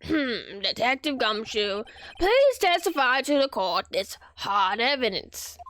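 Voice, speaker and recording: A woman voicing a stern older male judge with slow, deliberate pronouncements. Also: fairly high pitch, very animated, fairly bright tone, full character voice.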